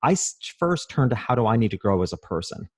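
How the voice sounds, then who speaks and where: A man, a podcast guest and author, telling stories with animated enthusiasm in a casual interview. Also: mid-range voice, quick pace, dry recording.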